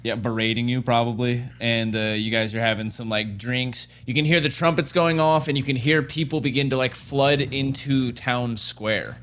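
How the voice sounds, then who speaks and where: A man's voice: mid-range voice, steady tone, moderate pace, hardly any pauses, a bit bright. A man narrating a tabletop game as game master in a casual, loose way.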